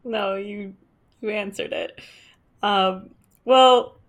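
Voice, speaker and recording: A woman's voice: medium pitch, fairly even intonation, very slow. A woman hosting an interview, asking questions casually and laughing often.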